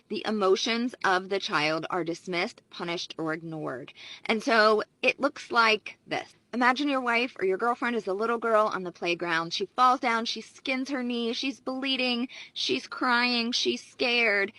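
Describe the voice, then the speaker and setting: Brief: a woman psychologist, bright and emphatic, recorded dry and close. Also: mid-range voice, dry recording, rough recording. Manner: confident, explanatory, emphatic. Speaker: relationship psychologist. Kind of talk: advice video talk to camera.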